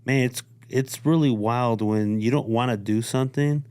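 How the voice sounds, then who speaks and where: Man, from Chicago, podcast host, smooth resonant voice, relaxed, dry studio mic. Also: mid-range voice, moderate pace, no room sound. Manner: relaxed, laid-back storytelling, chuckles, swears casually. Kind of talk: casual podcast storytelling.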